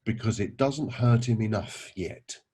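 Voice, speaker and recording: Brief: man voicing an unbothered old countryman, low and husky, slow drawl. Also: mellow. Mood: laconic.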